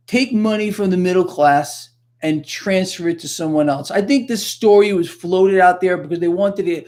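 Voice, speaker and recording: A man hosting a livestream, ranting in an animated, sarcastic way that flares into loud outbursts. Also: high voice. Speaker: livestream host. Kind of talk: unscripted livestream rant.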